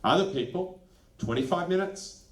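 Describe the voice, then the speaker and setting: A man with a fairly high voice gives a lively workshop talk and keeps slipping into quick acted-out bits of dialogue. The sound is roomy, with the echo of a large space around him. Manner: animated, acts out quick dialogue snippets. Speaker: education consultant presenting a workshop. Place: training venue. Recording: echoey room.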